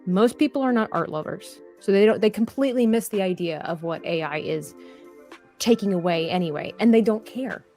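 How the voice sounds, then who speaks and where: A woman at a mid-range pitch hosts a live art stream and talks through her thoughts in an earnest, rambling way, often restarting sentences and reading chat comments aloud. Soft music plays faintly behind her voice. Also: a little fast. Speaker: livestream artist host. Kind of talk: casual livestream chat while drawing.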